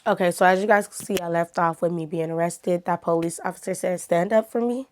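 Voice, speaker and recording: A woman's voice: on the low side, level tone, fast talker. Chatty woman telling a storytime. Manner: chatty, talks straight to viewers. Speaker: YouTuber. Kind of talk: casual storytime vlog.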